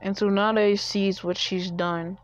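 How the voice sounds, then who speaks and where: A woman with a mid-range voice speaks slowly in a level tone, casually making up a fan story as she goes. She rambles, restarts and corrects herself along the way. The recording is dull and lo-fi.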